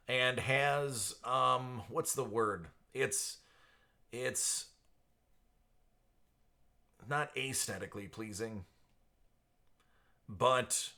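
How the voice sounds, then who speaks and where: A man's voice: mid-range voice, creaky, pushed and bright. A man hosting a casual live stream, chatting with viewers by name and laughing often. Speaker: live stream host for card breaks. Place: at home.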